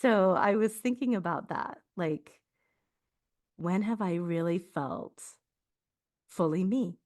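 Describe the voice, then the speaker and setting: A reflective woman talking through personal memories in a relaxed podcast chat. Her voice sits a little low and she breaks into laughter often as she speaks. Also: slow pace. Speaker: podcast host. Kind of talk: casual spiritual conversation.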